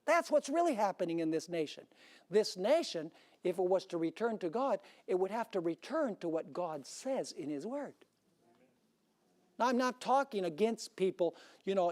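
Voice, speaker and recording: A male pastor delivering a sermon with a notably high voice. He preaches emphatically and keeps checking in with his listeners through rhetorical questions. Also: darkish tone.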